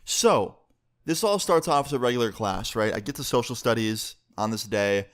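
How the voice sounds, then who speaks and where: A young man telling a profane storytime about school, with sudden jumps in pitch. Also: expressive, normal speed, fairly bright tone. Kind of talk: casual storytime.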